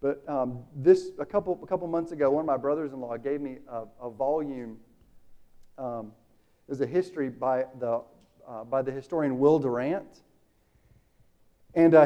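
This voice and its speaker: A man preaching a sermon, casual and animated, acting out the dialogue in the story. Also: on the high side, muffled recording.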